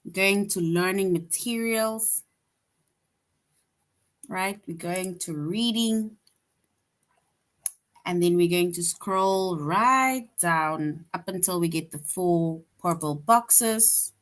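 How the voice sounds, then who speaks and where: A woman teaches an online lesson to young children at an unhurried, deliberate pace. She is patient and repeats herself, keeps checking in with "right?", and reads her example sentences aloud with lively bursts of expression. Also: on the low side. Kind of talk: online grade-school lesson.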